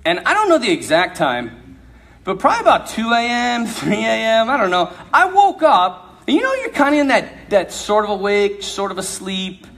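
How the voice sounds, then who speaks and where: Animated high-voiced preacher telling a comic story. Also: male voice, normal speed, creaky. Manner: animated, laughs through his story. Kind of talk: humorous sermon storytelling.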